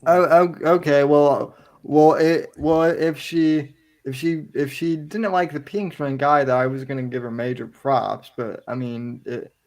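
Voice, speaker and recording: A man's voice: a little high, steady tone, measured pace, few pauses, a little mellow. A man hosting a casual podcast chat, rambling with stammering restarts. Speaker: podcast host.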